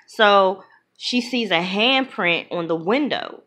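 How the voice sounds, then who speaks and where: A woman casually retelling a film's plot as a reviewer, blunt and opinionated, slipping into quick voices for the characters. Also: medium pitch. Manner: animated, acts out characters' lines in quick voices. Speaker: movie reviewer.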